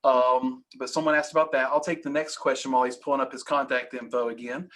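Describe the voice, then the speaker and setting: A man's voice: mid-range voice, little pitch movement, fast, a bit bright. A man hosting a live training webinar, coaching with energy and emphasis and acting out sales lines.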